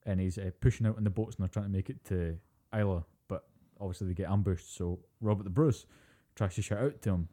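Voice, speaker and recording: A man co-hosting a podcast, telling stories in a sweary, animated casual chat. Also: low-pitched, fast, few pauses. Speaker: podcast co-host.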